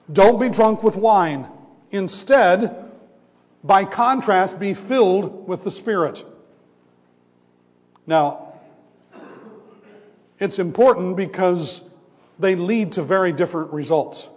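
A man preaching a sermon as a pastor, teaching with emphatic contrasts and slowing down to stress his points. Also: high voice, darkish tone. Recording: long reverb of a large hall.

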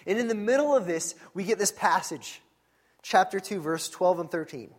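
Conversational pastor, a man with a higher voice. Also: moderate pace. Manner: conversational, animated storytelling with frequent asides. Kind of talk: sermon.

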